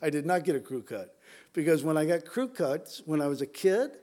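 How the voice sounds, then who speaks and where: Conversational male pastor, fairly high voice. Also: big pitch swings, fairly quick, background noise. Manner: conversational, with many restarts and asides to the congregation. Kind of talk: sermon.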